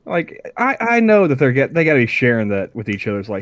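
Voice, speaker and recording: A man's voice: medium pitch, very animated, quick pace, hardly any pauses, a bit bright, no echo. Laid-back joking man on a podcast. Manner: laid-back, joking, says dude and like a lot. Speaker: podcast co-host. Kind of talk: casual podcast chat.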